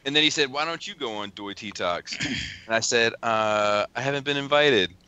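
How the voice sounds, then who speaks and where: A man's voice: medium pitch, normal speed, sharp tone, smooth, no room sound. A man hosting a podcast, casually reading out text messages with a lot of cursing and laughing. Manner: profane, laughing often while reading. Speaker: podcast host.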